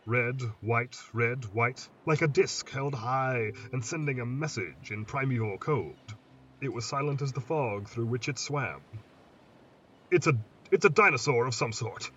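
A man reading a dark tale in a measured, atmospheric way, his pitch sitting in a middle register. He sounds set back from a muffled mic, with a faint hiss in the background. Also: recorded from a distance. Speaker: storyteller host. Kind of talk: dramatic story narration.

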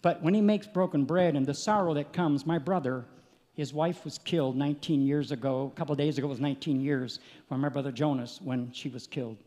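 A male preacher giving an impassioned sermon, rising to loud peaks and dropping back to a low, earnest tone. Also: steady tone, a little fast. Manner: impassioned, builds to shouting peaks then drops quiet. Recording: long hall reverb.

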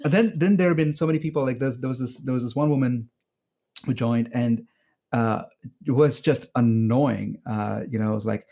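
A man's voice: medium pitch, moderate pace. A man casually recounting an anecdote in a group conversation, acting out the people he quotes. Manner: animated, acts out quotes with laughter. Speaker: phone bank volunteer. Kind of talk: casual storytelling in a group chat.

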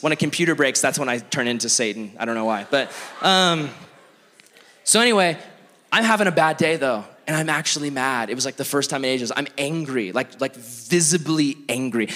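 A young man preaching as a youth pastor, telling stories in an animated, self-mocking way full of "like". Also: medium pitch. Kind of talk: storytelling sermon. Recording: long reverb of a large hall.

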